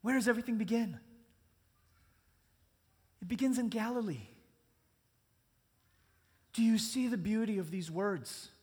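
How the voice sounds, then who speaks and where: A man's voice: sits high, a little slow, long pauses, darkish tone, slightly rough. A man preaching a sermon as pastor, earnest and conversational, speaking in a church sanctuary. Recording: long church reverb.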